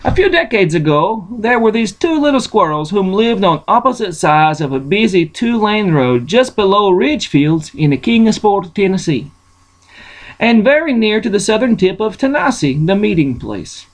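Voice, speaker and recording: Man from Russia, host, casual storyteller; rambling, folksy, pitched high. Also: big pitch swings, normal speed, poor audio. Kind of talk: casual bedtime story reading.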